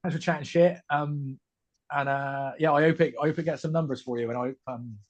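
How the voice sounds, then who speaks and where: A man with a West Country English accent talks casually as a guest on a comedy podcast, his voice husky and a little breathy. He stumbles and restarts his thoughts often, fillers between nearly every phrase, as heard over a video call. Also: a little high, fairly even intonation. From West Country, England. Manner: halting, many restarts and fillers.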